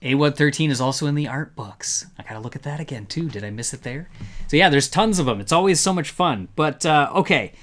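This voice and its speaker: A man's voice: a little high, animated, a little fast, a bit bright. Chatty male podcast host. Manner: rambling, filler-heavy, upbeat. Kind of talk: casual live review chat.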